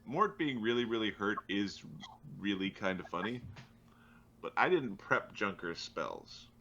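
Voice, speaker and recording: Laughing gamer man with gravelly voice. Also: on the low side, expressive, bright, forceful tone, highs cut off, a little hiss or hum. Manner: laughs often, halting with fillers. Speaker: player. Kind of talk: casual tabletop game play.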